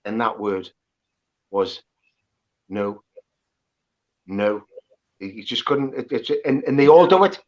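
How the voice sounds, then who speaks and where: A Geordie man chatting on a podcast, animated and often laughing as he repeats himself. His voice sits mid-range, and the audio comes through dull and lo-fi. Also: medium pitch, normal speed. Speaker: guest impressionist. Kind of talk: casual podcast chat.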